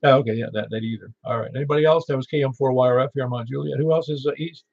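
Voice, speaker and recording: A gravelly, husky-voiced man with a Middle Tennessee accent runs an amateur radio net in a joking, folksy way. His voice comes through a dull, lo-fi radio transmission. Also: mid-range voice, racing, no echo. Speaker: net control operator. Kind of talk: ham radio net chat.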